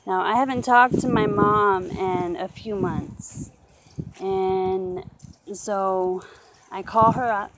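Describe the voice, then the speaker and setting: A woman tells her personal faith testimony at an unhurried pace. She talks earnestly, with halting restarts and many "you know"s. Loud outdoor noise from a rural setting runs underneath her voice. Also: mid-range voice, steady tone. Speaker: testimony speaker.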